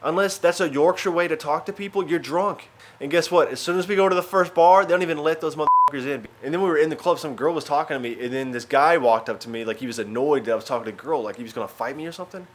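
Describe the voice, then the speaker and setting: Chatty comedian vlogging. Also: male voice, fairly high pitch, racing, hardly any pauses, a little hiss or hum. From Arkansas, USA. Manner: chatty, animated storytelling with filler words. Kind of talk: casual vlog narration.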